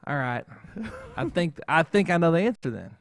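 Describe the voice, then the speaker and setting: A man with a fairly high voice rambles through casual chat as the host, tacking "okay?" onto his points. The sound is dry and close, with no room around it. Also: lively intonation, moderate pace, no echo. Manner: rambling, keeps adding "okay?". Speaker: show host.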